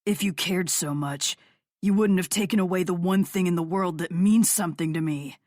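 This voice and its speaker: A woman narrator voicing a bitter male rock musician in an audiobook, in a lower, flat, growling tone. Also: normal speed, no echo, studio quality, lightly acted. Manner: low, flat, growling delivery. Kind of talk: audiobook character voice.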